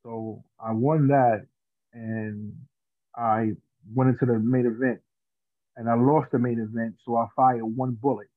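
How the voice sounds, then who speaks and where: A man's voice: medium pitch, fairly even intonation, unhurried, no room sound. A man telling a funny story in casual slang, laughing at his own tale. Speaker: podcast guest. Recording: dry tinny phone-like sound.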